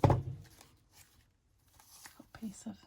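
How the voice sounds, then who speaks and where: Speaking very slowly in a mellow voice, a British woman thinks aloud as she crafts, often slipping into a whisper. She's a craft vlogger giving casual narration while she works.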